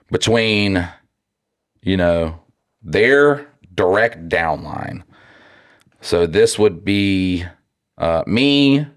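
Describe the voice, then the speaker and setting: A man co-hosting a podcast, talking bluntly and profanely with lots of restarts. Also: sits low. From North Carolina. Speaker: podcast co-host. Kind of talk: casual podcast chat.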